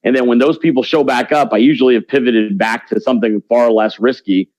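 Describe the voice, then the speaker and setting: A man's voice: medium pitch, steady tone, fairly quick, a little mellow, no echo, poor audio. A man talking as an interview guest in a blunt, brash, slangy way. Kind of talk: casual interview talk.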